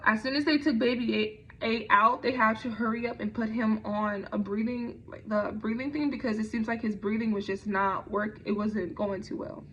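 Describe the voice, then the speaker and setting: A woman's voice: fairly high pitch, fairly even intonation, moderate pace, few pauses, fairly bright tone, slight background noise. A young woman telling a personal story in a conversational way, with frequent fillers and restarts. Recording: dull lo-fi recording.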